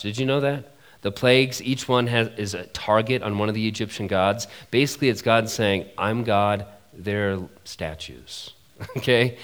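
A man in his thirties preaching a sermon at a conference, animated and chatty with asides to the listeners. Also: mid-range voice. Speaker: pastor. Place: conference hall.

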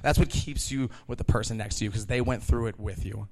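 A man in his thirties telling a live story about working in a kitchen, animated and laughing, acting out the people he quotes. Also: lowish voice, a little fast, vocal fry.

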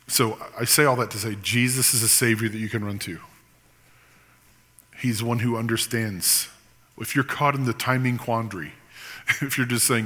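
A man's voice: mid-range voice, normal speed, sharp tone, in a large hall. A man preaching a sermon as pastor, earnest and sometimes impassioned. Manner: earnest, rises to impassioned pleading at times.

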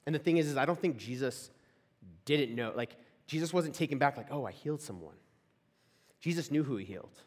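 A man's voice: on the high side, lively intonation, a little fast. A young man giving a casual storytelling sermon to a live audience, chatty and full of "like" fillers and questions to the room. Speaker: campus ministry speaker. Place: large hall before a live audience. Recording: echoey hall.

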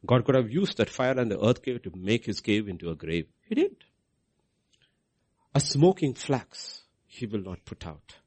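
A man's voice: medium pitch, big pitch swings, normal speed, a little mellow. A man preaching a sermon, asking his listeners questions and answering them himself.

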